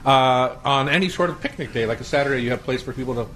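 An older man hosting a food radio show, chatting in a relaxed, rambling way and chuckling often. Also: medium pitch, very fast, slight background noise, poor audio. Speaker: radio show host and chef. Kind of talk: casual radio chat.

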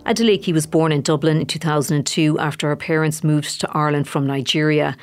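Reporter narrating a sports profile, mid-pitched, steady delivery, faint music underneath. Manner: measured news voice-over. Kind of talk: scripted narration.

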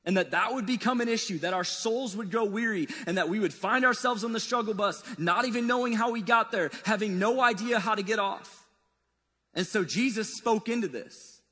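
A man preaching a sermon in a loose, conversational way, swinging between loud and soft. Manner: casual, conversational preaching with wide swings in pitch and loudness. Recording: long reverb of a large hall.

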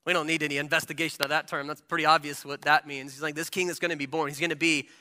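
A man preaching a Christmas sermon, impassioned, shifting from hushed lines to loud peaks, with casual asides. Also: on the high side, little pitch movement, racing. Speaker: pastor.

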